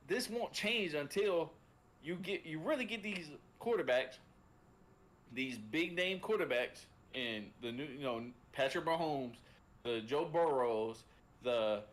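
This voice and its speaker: A man's voice: a little high, a bit bright. A man co-hosting a sports podcast, talking casually with many restarts and fillers, sometimes swearing. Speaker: podcast co-host.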